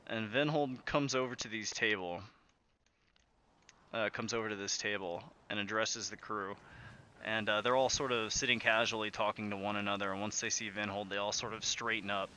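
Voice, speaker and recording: A man narrating a tabletop game as game master, relaxed and full of fillers. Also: on the low side, moderate pace, slight background noise.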